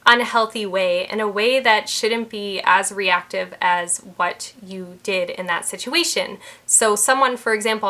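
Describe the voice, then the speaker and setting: Bright-voiced woman coaching on mindset. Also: medium pitch. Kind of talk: talking-head advice video.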